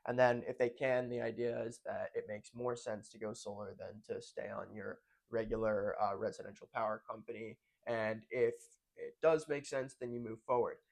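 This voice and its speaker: A man's voice: fairly low pitch, little pitch movement, moderate pace, creaky. A young man talking through a casual check-in on his own, rambling and correcting himself as he goes. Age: young adult. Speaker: vlogger.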